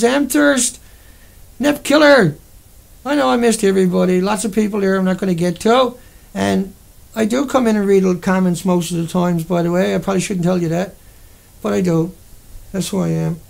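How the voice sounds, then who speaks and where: Gravelly high-voiced Newfoundland man ranting. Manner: heated, profane, rambling. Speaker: livestream host. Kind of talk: angry livestream rant.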